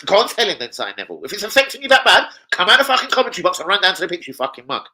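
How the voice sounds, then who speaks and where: A man's voice: medium pitch, very fast, hardly any pauses, poor audio. A young man ranting casually about football as a fan channel host, swearing a lot and slipping into impressions of people. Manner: animated, sweary, slangy, mimics people.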